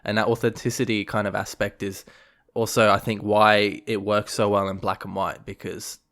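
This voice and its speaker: A man's voice: on the low side, little pitch movement, normal speed, fairly bright tone. A man co-hosting a podcast, chatting casually about a film, rambling with fillers and restarts. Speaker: podcast co-host.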